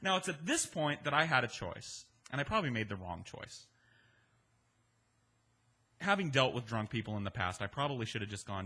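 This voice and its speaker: A man telling a comedic story in a casual, profane, animated monologue. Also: mid-range voice, moderate pace, long pauses.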